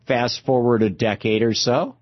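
A man's voice: medium pitch, fairly even intonation, normal speed, no echo, lo-fi sound. A man hosting a political talk show, ranting with sarcastic indignation. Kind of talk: political commentary rant.

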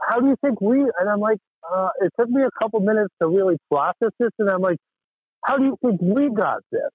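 A man's voice: high-pitched, slightly rough, no echo. Tinny phone-line caller, exasperated man. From Western Massachusetts. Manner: rambling, exasperated storytelling with frequent restarts. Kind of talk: casual call-in chat.

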